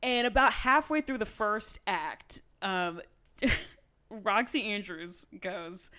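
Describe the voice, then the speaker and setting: Animated swearing woman telling a story. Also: mid-range voice, takes it slowly. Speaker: podcast co-host. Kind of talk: casual storytelling chat.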